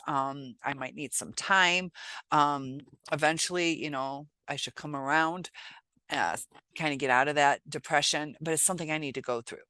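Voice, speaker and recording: A woman vlogger talking to camera in a reflective, halting way, pausing often as she gives relationship advice. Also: low voice, pushed and bright, clean tone, no room sound. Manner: reflective, halting, many pauses and filler sounds. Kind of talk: casual advice talk to camera.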